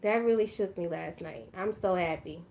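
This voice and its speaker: A woman chatting casually while doing her makeup, emotional and effusive, now and then dropping to a quiet murmur as she concentrates. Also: fairly low pitch, moderate pace. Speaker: beauty vlogger.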